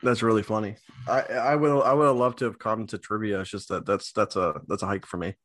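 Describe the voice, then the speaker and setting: A man's voice: lowish voice, fairly even intonation, brisk, fairly bright tone, no room sound, studio quality. A man hosting a podcast, chatting casually and swearing now and then. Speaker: podcast host.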